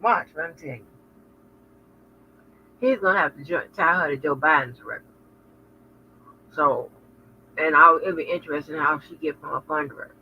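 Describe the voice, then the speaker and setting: A woman's voice: deep voice, moderate pace, pauses often. Frank, profane woman vlogger, lo-fi. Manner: frank, profane, chatty storytelling. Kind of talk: casual chat to viewers. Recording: lo-fi with faint noise.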